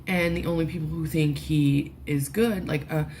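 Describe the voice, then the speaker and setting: A woman vlogging, close to tears, talking haltingly with many restarts and swear words, through a headphone mic at home. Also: low voice, steady tone, darkish tone, slight background noise. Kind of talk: emotional personal vlog.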